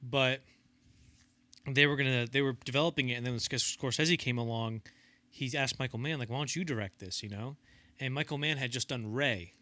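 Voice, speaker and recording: In a dry recording, a young man speaks fairly quickly in a mid-range voice. As co-host of a film podcast, he chats casually about cinema history and animatedly acts out quotes with different voices.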